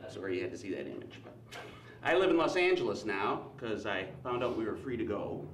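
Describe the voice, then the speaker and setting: A man from Wisconsin with a Wisconsin accent doing a stand-up comedy set on a club stage, wry and self-deprecating, with quick asides to the crowd. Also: on the low side, very animated, recorded from a distance, slight background noise. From Wisconsin, USA. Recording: roomy live stage sound from off-mic. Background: audience laughter.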